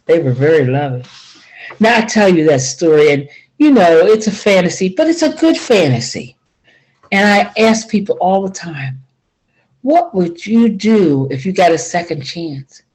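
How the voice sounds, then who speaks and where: An older woman telling a folk tale in a lively spoken way, acting out each character's lines. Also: normal speed, low-quality recording. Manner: lively, acts out each figure with big pitch jumps. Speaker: storyteller. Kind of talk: folksy spoken storytelling.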